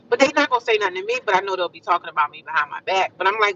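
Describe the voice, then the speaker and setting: An American woman chatting casually with her livestream viewers, animated and repetitive, calling them honey and sis. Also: mid-range voice, rapid-fire, few pauses, far from the mic, dull audio, slight background noise. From United States. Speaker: livestream vlogger.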